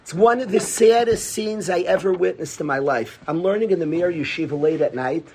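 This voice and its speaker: Man, rabbi, Torah class, high-pitched, emphatic rhetorical questions. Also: brisk, darkish tone, slight background noise. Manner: emphatic, repeats key phrases, asks rhetorical questions. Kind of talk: animated Torah lecture.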